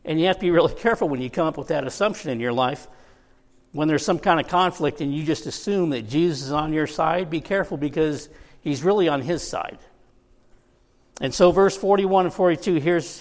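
A male pastor preaching a sermon in a relaxed, conversational way, slipping joking asides to the listeners between points. His voice sits a little above the usual male range. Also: on the high side.

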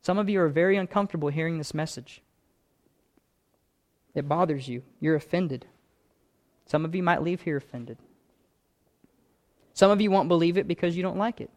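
Earnest, slightly high-voiced male pastor. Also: normal speed, pauses often. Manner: earnest, repetitive phrasing that builds in intensity. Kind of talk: sermon.

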